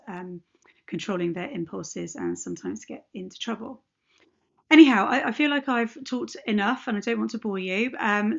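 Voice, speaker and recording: A woman coach speaks straight to her viewers in a relaxed, unscripted way. Her voice has a gravelly, fry-laden texture at a mid pitch. The recording sounds slightly dull and lo-fi. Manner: chatty, informal, addresses viewers directly. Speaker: ADHD hypnotherapist and coach. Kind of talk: unscripted direct-to-camera message.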